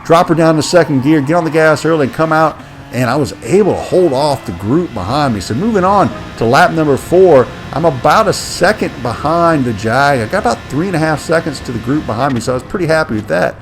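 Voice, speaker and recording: Lively man commentating his sim race replay. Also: a little high, fairly quick, faint music behind. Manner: chatty, self-deprecating, lively.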